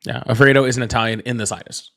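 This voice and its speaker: A man's voice: medium pitch, fairly even intonation, quick pace, gravelly, a bit bright. A man hosting a casual livestream, rambling with many fillers and restarts, greeting chat viewers by name and swearing offhand. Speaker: livestream host.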